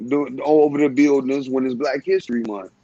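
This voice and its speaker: A man's voice: mid-range voice, steady tone, normal speed, mellow, no room sound. Earnest questioning man on a podcast. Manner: earnest, questioning, with frequent restarts. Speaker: podcast panelist. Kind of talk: casual podcast debate. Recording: slightly dull lo-fi recording.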